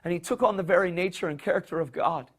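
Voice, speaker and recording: Male preacher, impassioned storytelling sermon, repeats and restarts phrases, drops to hushed voices for quoted lines. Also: sits high, fast talker.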